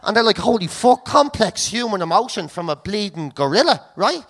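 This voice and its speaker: A woman's voice: mid-range voice, sing-song, brisk. An Irish woman co-hosting a podcast, telling a comic story full of swearing and laughing through her lines. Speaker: podcast co-host.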